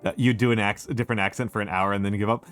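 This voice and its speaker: Speaking very fast with fairly even intonation, a VTuber streamer chats casually in a fairly low, fairly bright voice as faint music plays. He's a middle-aged Chicagoan whose accent shows some New York influence. He rambles, revises what he says, and fills gaps with filler words.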